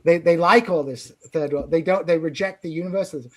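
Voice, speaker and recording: A man with a fairly high voice hosts a loose political conversation. He talks in quick, opinionated bursts and gets more animated as he builds a point. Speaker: podcast host. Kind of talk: casual political discussion.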